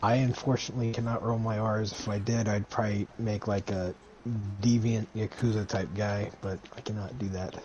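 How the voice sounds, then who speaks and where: A tired man chatting casually about his tabletop character, low-key and trailing off. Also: little pitch movement, moderate pace, darkish tone. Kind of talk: casual chat planning a tabletop game. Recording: dull lo-fi mic with faint hiss.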